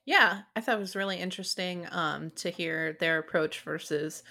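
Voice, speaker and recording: A woman co-hosting a casual podcast, friendly and quick to laugh, with a few ums along the way. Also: lowish voice, vocal fry, bright, forceful tone. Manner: friendly, laughs easily, uses fillers. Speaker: podcast co-host, reporter.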